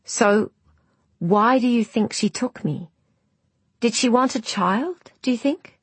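A woman's voice: a little high, slow, breathy edge, dry recording, voice pushed up. A woman voicing a curious, polite young woman who asks eager questions.

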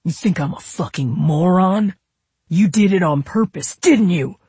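A narrator voicing a volatile, abusive middle-aged father who shouts and accuses in an audiobook. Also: medium pitch, a little slow, husky, no room sound. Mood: raging. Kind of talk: audiobook character voice.

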